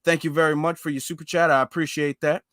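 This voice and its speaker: Bright-voiced male host, polite. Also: fairly high pitch, little pitch movement, fast talker, no echo, studio quality. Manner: polite, affirming. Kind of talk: live-stream hosting.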